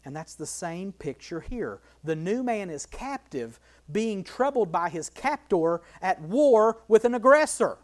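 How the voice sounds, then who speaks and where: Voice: mid-range voice, big pitch swings, measured pace, few pauses, darkish tone. Bible study teacher; emphatic, repetitive delivery, rhetorical questions, walks through a verse line by line. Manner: emphatic, repeats key phrases, asks rhetorical questions.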